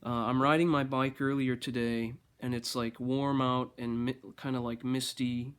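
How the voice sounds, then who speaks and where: A man speaks at an ordinary middle pitch in a loose, rambling monologue. He talks with dry sarcasm and mock-grand formality, often stopping and restarting his sentences. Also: flat delivery, normal speed, smooth.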